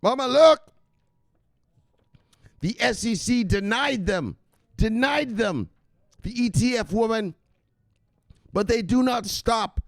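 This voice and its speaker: A man putting on a voice of an overexcited guy yelling crypto news at his woman, shouting and stretching out his words. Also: extremely high pitch, lively intonation, vocal fry, no echo, studio quality, pitched above the performer's own voice, exaggerated voice. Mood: hyped. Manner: shouting, repeating "look, look", drawn-out words.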